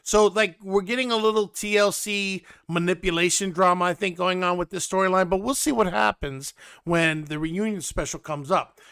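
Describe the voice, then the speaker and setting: A man's voice: high-pitched, fairly even intonation, moderate pace, fairly bright tone, clear, resonant tone, no room sound, clean studio sound. A young man with a New York accent, hosting a blunt, mocking reality TV commentary. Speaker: host.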